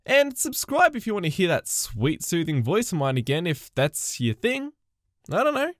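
A woman with an Australian accent narrating retail stories in an exaggerated, sarcastic, expressive way. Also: lowish voice, moderate pace, no echo, studio quality. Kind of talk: animated story-time narration.

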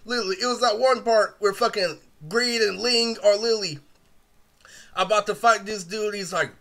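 Young guy with a really high bright voice, rambling and swearing through a story, lots of fillers. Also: moderate pace. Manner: rambling and profane, fillers of "literally". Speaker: vlogger. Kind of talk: casual storytime vlog.

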